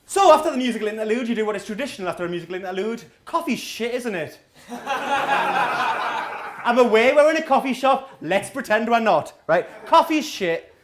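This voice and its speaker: A man's voice: very high voice, lively intonation, normal speed, background noise. A man, doing a chatty, sardonic live stand-up set in a small coffee shop, often checking in with the crowd. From North East England. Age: 30s. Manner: sardonic, chatty, keeps asking the crowd "right?". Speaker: stand-up comedian.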